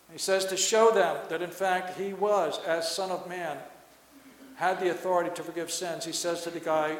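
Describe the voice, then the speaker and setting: A man's voice: on the high side, steady tone, normal speed. A man preaching a sermon in earnest, asking rhetorical questions and building to emphatic points. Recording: echoey hall reverb.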